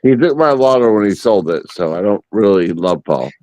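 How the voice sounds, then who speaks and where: Very deep-voiced stammering man. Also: expressive, normal speed, darkish tone, no echo. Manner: stammering, eager, repeats words. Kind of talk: casual chat on a live audio space.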